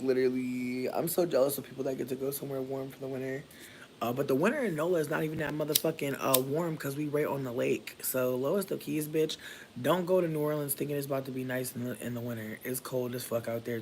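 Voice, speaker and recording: A man from Michigan chatting casually with viewers while doing his hair, playful and profane, with sudden jumps into high squeals. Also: fairly even intonation, a little fast, a little mellow, a little hiss or hum. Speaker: livestreamer.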